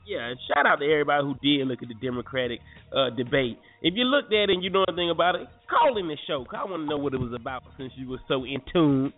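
A man's voice: a little high, quick pace, soft background music. A man hosting a casual morning radio show, laid-back and teasing, talking in slang. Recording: lo-fi phone-like sound.

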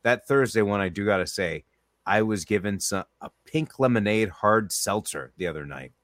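Low-voiced guy hosting a podcast, rambly and chatty, dead dry sound. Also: animated, fairly bright tone, no echo. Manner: rambling, chatty, rattles off lists quickly. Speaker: podcast host and trivia host. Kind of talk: casual podcast chat.

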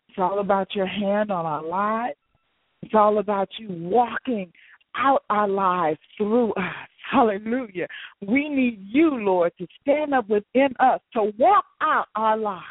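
Husky fervent prayer leader over a phone line. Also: medium pitch, no echo. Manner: repetitive, rhythmic, swells and drops in intensity. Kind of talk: fervent spontaneous prayer with speaking in tongues. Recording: tinny phone line, dry.

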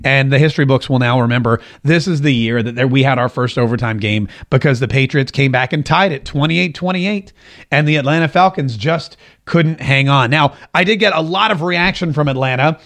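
A man hosting his own talk show in a casual, jokey monologue, animated and doing voices when he quotes people. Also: mid-range voice, a little fast. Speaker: radio talk show host.

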